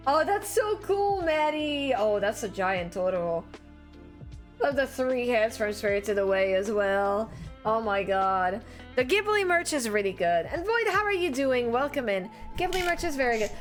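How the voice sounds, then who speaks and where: A woman streamer, chatting casually with viewers and greeting them with excited squeals. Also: moderate pace, faint music behind. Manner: bubbly, greets chat with high excited squeals. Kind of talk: casual live-stream chat.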